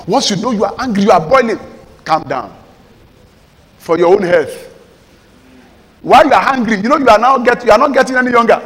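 A man with a Nigerian accent, preaching a sermon as pastor, emphatic, moving between loud exhortation and low pleading. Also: fairly quick, pauses often. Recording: long reverb of a large hall.

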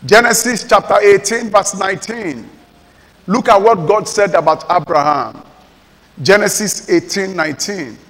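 A Nigerian pastor with a notably high-pitched male voice, delivering an emphatic sermon that swings between forceful exhortation and quiet pleading. His voice rings out with the long reverb of a big church hall. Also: a little slow.

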